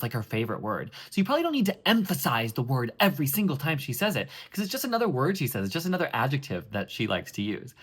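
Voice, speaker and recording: A man working as a Broadway audition coach, giving chatty, expressive coaching tips straight to camera with playful emphasis. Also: medium pitch.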